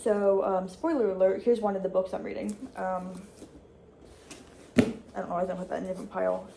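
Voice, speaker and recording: A young woman, a college student, talking casually in a vlog from her dorm room, chatty with restarts and quick asides. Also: medium pitch, little pitch movement, vocal fry, heavy background noise. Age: young adult.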